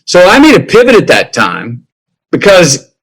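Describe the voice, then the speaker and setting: A man in his fifties, a podcast guest, telling a personal story in an unhurried drawl and acting out remembered conversations. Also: high-pitched, wildly swooping pitch, a bit bright, slightly rough, rough recording. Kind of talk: reflective storytelling.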